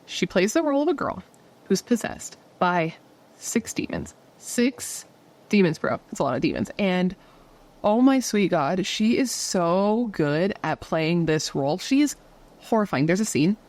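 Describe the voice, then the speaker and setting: A woman's voice: on the low side, sing-song, moderate pace, darkish tone. A woman telling true-crime and haunting stories in a casual, chatty way, swearing freely and asking her viewers rhetorical questions.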